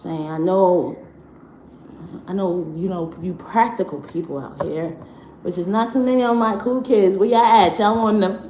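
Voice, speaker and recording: A woman hosting a casual spiritual livestream from home, talking in an animated, profane way and laughing often. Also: mid-range voice, normal speed. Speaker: livestream host. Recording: echoey room, faint background noise.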